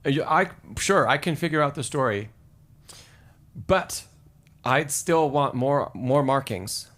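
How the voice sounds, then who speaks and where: His mid-range voice is a bit bright, with lively intonation and a slightly slow pace. He's giving a piano lesson on a live stream, encouraging the student and singing short phrases as demonstrations while piano music plays.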